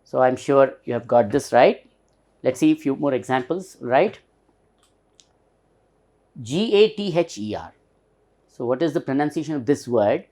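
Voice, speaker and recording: A man's voice: mid-range voice, expressive, normal speed, long pauses, a little mellow. A man with an Indian English accent teaching pronunciation, patiently spelling words letter by letter and repeating them for emphasis. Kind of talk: recorded pronunciation lesson.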